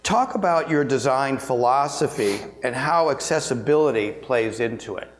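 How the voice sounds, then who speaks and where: A man's voice: medium pitch, animated, normal speed. Polite man asking questions in an echoey hall. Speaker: interviewer. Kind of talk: on-stage interview questions. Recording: echoey hall with long reverb.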